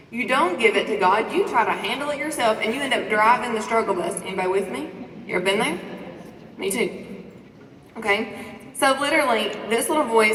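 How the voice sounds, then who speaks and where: A woman with a fairly high voice delivers a motivational talk from the stage, preachy and lively, firing questions at the crowd. She sounds set back from the mic, and a long echo trails her words through the hall. A faint hum of the room sits underneath. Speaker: conference speaker. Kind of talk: motivational talk to a live audience. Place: large conference hall. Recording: echoey hall recording from a distance.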